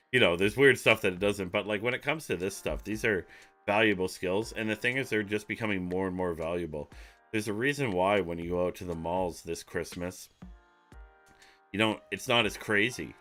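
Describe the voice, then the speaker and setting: Deep-voiced man, bright and forceful. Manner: loose and rambling, with jokes and swearing. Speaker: online marketing streamer. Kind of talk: casual livestream talk.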